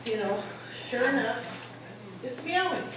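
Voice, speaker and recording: A middle-aged woman doing stand-up storytelling, animated, acting out voices and laughing often. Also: on the high side, a little slow, noisy background. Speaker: stand-up comedian. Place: hall at a holiday party. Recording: echoey hall from far off.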